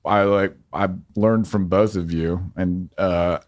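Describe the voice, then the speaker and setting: A man's voice: low-pitched, fairly even intonation, slow pace. A man who is a guest filmmaker on a podcast, reflecting thoughtfully on the shoot in casual chat.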